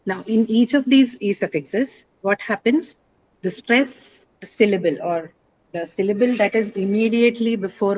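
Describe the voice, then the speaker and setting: A woman's voice: mid-range voice, a little hiss or hum, poor audio. A woman teacher lecturing a class, explaining step by step with frequent fillers and tag questions. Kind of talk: classroom lecture on word stress.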